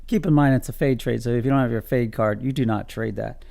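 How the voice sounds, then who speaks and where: Guy trading futures on a live stream, joking around, gravelly low rasp, mellow tone. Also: quick pace. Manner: joking, self-amused, talks to viewers.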